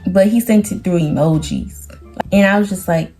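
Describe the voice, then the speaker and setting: Teen girl storytime vlog, warm mellow voice, lots of quoting people in silly voices, faint music behind. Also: normal speed. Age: teens. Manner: chatty and animated, quoting people in lowered or raised voices. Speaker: vlogger.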